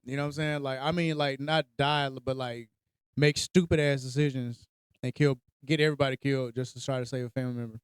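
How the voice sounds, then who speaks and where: Male podcast host, 30s, lively storyteller doing voices; smooth, fairly high, dry sound. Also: fast, dry recording. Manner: animated storyteller, acts out voices, laughs often. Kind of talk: casual storytelling chat.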